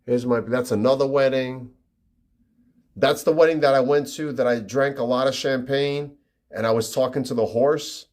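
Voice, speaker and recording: A man in his fifties live-streaming from his family home indoors, chatting casually with viewers and reading their comments aloud, often trailing off quietly. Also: mid-range voice, steady tone, moderate pace. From New York. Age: 50s.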